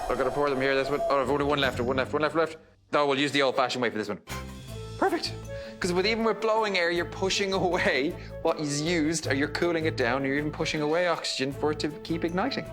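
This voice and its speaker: A man's voice: on the high side, fast, over music. A man demonstrating a science experiment for children, enthusiastic and explanatory. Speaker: science presenter.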